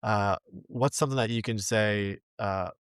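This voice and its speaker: A man's voice: on the low side, unhurried, clear, resonant tone, no echo, clean studio sound. A man hosting a faith podcast, closing an interview by encouraging his listeners. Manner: warm, encouraging, addresses his audience. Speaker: podcast host. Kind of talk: casual interview wrap-up.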